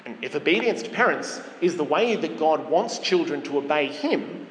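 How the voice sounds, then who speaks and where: A man preaching a sermon in a church, measured and earnest, stressing points one by one. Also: on the high side, animated. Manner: measured, earnest, emphatic lists. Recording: echoey church hall with faint noise.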